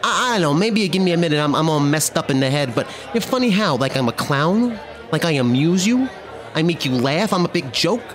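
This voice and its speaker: A man's voice: a little high, expressive, faint music behind, close to an everyday voice. A man doing a New Jersey mobster impression, brash and menacing, in a comedy bit. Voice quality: brash, menacing, rapid-fire. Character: hot-tempered male New Jersey mobster.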